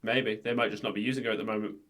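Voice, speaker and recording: A man's voice: on the low side, little pitch movement, fairly bright tone. A man co-hosting a podcast, chatting casually and teasing his partner. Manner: teasing, quick to laugh. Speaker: podcast co-host. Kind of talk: casual chat about wrestling.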